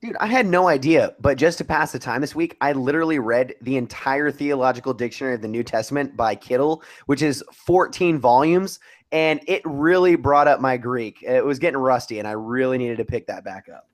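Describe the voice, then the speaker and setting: A man's voice: mid-range voice, brisk. A young man co-hosting a podcast in casual chat, teasing and mock-serious. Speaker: podcast co-host.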